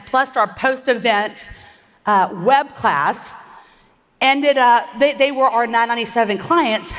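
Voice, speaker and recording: High-voiced woman pitching on stage. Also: fairly bright tone. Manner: fast, upbeat, rallies the audience with questions. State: slightly out of breath. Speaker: conference speaker. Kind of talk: energetic stage presentation. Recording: long hall reverb.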